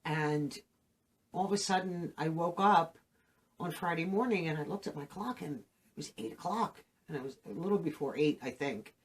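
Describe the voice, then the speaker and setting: Emotional and saddened, a middle-aged woman hosting her own channel relates a personal story to camera in a low-pitched voice, faltering often and filling gaps with fillers.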